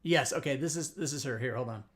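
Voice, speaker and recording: A man hosting a casual livestream, telling a story in an animated, profane way with frequent laughter. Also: mid-range voice, quick pace. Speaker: host.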